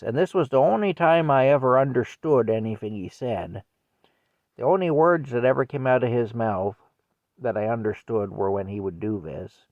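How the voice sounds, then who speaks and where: A man's voice: mid-range voice, a little mellow, dry recording. An older man from Canada telling a rambling story at home, chuckling and breaking off often. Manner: rambling, chuckling, self-interrupting. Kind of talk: casual storytelling vlog. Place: indoors at home with a cat. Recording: dry, dull lo-fi mic.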